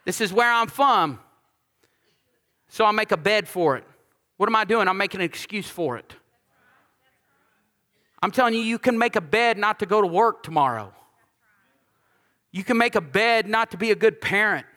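Bright, high-voiced male preacher in a big hall. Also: normal speed, pauses often. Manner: lively, conversational preaching with humor and asides; repeats key lines for emphasis. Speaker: pastor. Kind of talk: sermon.

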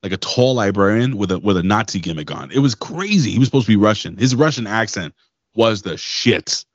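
A man's voice: on the low side, lively intonation, a little fast, no room sound, highs cut off. Profane, rambling man on a podcast. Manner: loose, profane, rambling storyteller. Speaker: podcast co-host. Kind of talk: casual wrestling podcast chat.

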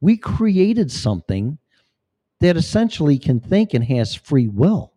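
A man's voice: on the high side, sing-song, measured pace, mellow. A man talking in a rambling, profane, preachy monologue as a vlogger. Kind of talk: casual monologue.

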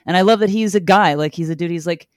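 A woman's voice: fairly low pitch, fast, dry recording, studio quality. A woman casually chatting about a comic book, joking around and sometimes putting on character voices. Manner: playful, joking, puts on voices. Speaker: comic book podcast co-host. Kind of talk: casual chat.

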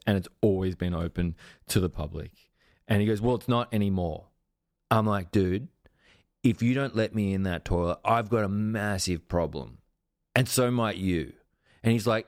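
A man, hosting a podcast and telling a long sweary anecdote in an animated, self-mocking way. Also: lowish voice, no echo, studio quality. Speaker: podcast host. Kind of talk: casual storytelling.

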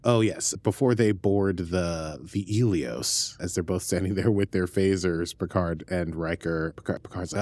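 A man's voice: steady tone, moderate pace, few pauses, a little mellow. A man co-hosting a casual podcast, chatting playfully with big swings in his voice. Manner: playful, wide swings in pitch. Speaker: podcast co-host.

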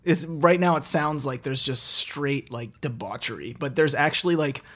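A man's voice: fairly high pitch, normal speed, fairly bright tone. Laid-back joking male podcast host. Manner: laid-back, crude jokes, trailing asides. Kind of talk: casual podcast chat.

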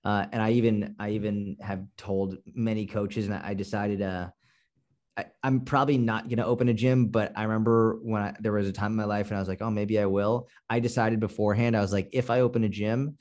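A man's voice: on the low side, level tone, a little fast, a little mellow. A man with a Boston accent, a fitness coach talking bluntly and swearing freely as a podcast guest. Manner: blunt, profane, no-nonsense. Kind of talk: casual podcast interview.

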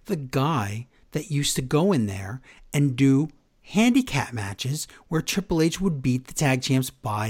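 A man co-hosts a casual podcast, recapping a wrestling show with sarcastic asides. His pitch swings widely as he jumps from outrage to praise. The delivery is quick and animated. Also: husky. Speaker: podcast co-host.

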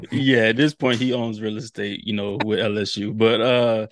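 A man, a guest on a sports podcast, chatting about football in a relaxed, slangy way. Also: on the low side, measured pace, no room sound, clean studio sound. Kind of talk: casual sports chat.

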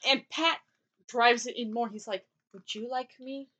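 A woman's voice: on the high side, fairly even intonation, unhurried, bright, forceful tone, slightly rough. A woman co-hosting a podcast, chatting casually as she recaps a drama and acts out quotes from it. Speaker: podcast co-host.

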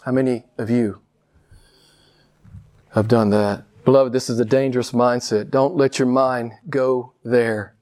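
A man preaching a sermon with passion, firing rhetorical questions and swinging widely between slow, emphatic lines and quick ones. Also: fairly even intonation, a little mellow. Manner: impassioned preaching, rhetorical questions, big swings in pitch and pace. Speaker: pastor.

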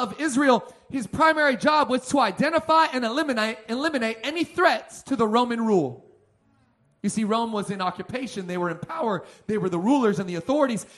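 A man preaching as a pastor, emphatic, swinging between loud passages and soft ones. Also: extremely high pitch. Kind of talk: sermon.

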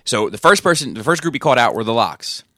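Bright-voiced man telling a story. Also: mid-range voice, quick pace, a little hiss or hum. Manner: animated storyteller, acts out quotes, swears freely. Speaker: podcast co-host. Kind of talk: casual chat.

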